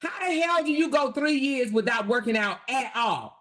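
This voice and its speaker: A woman's voice: sits high, animated, moderate pace, fairly bright tone. A woman hosting a livestream, ranting combatively at her viewers and swearing heavily. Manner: brash, combative, heavy swearing; addresses viewers directly with repeated "okay?". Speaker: livestream host. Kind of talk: profane live-stream rant.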